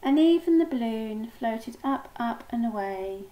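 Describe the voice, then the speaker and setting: A woman slowly reading a children's picture book aloud, gently voicing the characters. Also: fairly high pitch, lively intonation, reverberant, lo-fi sound. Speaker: storybook reader.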